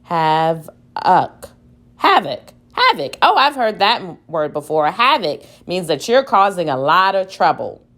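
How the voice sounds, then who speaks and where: A woman teacher slowly sounding out word syllables aloud in a phonics lesson. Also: on the low side, big pitch swings, a bit bright.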